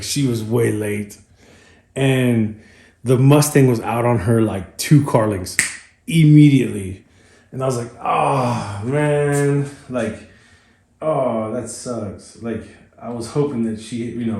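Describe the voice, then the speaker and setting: A man's voice: mid-range voice, dark tone, echoey room. Rambling man telling a story. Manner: rambling, many fillers and restarts. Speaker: car channel host. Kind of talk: casual storytelling.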